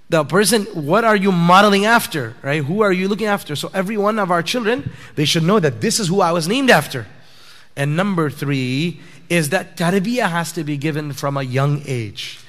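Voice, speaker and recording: A man's voice: a little high, lively intonation, fairly quick, a bit bright. A man giving a conversational sermon in a mosque prayer hall, asking rhetorical questions and building to emphatic points. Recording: long hall reverb.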